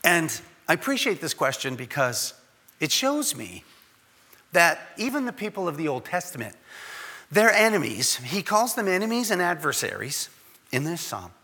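Animated male preacher in a reverberant hall. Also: a little high, normal speed, husky. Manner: conversational, animated, acts out quoted voices. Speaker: pastor. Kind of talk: sermon.

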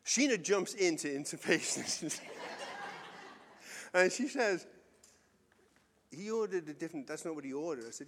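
A man's voice: on the high side, normal speed, long pauses, a bit bright. A man with an English accent preaching a sermon, telling a conversational, self-mocking personal story before turning to scripture. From England. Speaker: pastor. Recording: long hall reverb.

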